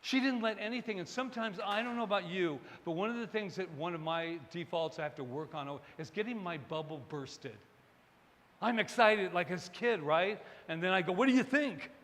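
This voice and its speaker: Animated male minister in a reverberant hall. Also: high-pitched, normal speed. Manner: animated, digressive, joking asides with the congregation. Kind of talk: sermon. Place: church service hall.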